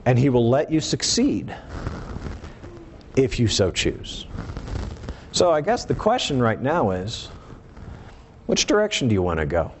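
A man's voice: huge pitch swings, unhurried, pauses often, slight background noise. A man preaching a sermon, earnest and emphatic, swinging his voice up and down for emphasis. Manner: earnest, emphatic preaching with rising and falling pitch.

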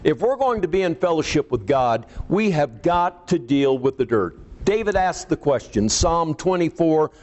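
A man preaching a sermon, reading scripture aloud and stressing points with pauses and sudden rises in pitch. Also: very animated, a little mellow, muffled recording.

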